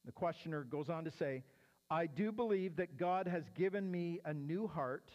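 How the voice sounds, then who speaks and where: A man speaks in a teaching sermon, laying out his points step by step and checking in with his listeners. His voice sits high for a man. The audio is dull and lo-fi, carrying a long reverberant tail. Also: normal speed, darkish tone. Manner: explanatory, often checks in with "right?". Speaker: pastor answering questions.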